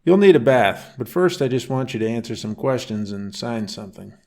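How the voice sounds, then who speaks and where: A man reading as a gentle teasing dad. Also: mid-range voice, lively intonation, brisk, lightly acted. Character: easygoing single dad, car salesman, slight Virginia drawl.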